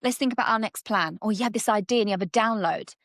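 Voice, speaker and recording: Animated woman coaching in a dry room. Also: mid-range voice, fast, dry recording. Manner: animated, acts out little scenes in different voices. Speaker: subconscious coach guest. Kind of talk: conversational coaching chat.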